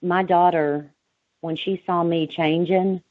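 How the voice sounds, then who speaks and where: A woman guest recounting a personal experience in an interview, halting and reflective. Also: lowish voice, steady tone, no echo. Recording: tinny phone line.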